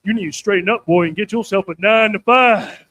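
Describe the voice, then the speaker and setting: A man voicing a gruff, stern old grandmother who loudly scolds a boy in a stand-up bit. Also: sits high, fairly quick. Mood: scolding. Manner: loud, bossy scolding.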